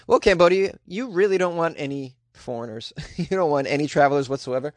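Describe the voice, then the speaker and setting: A man's voice: on the high side, animated, normal speed, no echo, clean studio sound. Joking man hosting a comedy news podcast. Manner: joking, chuckles between lines. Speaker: podcast host.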